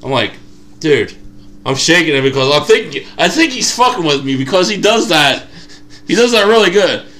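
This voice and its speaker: A young co-host with a fairly high voice and moderate pace tells a story on a casual podcast, animatedly acting out many of the quotes.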